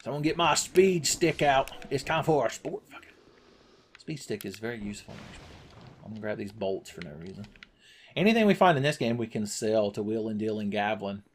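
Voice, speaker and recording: A man's voice: on the low side, animated, fairly quick, slight background noise. Crude joking man playing a game. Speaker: gaming channel host. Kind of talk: let's play commentary.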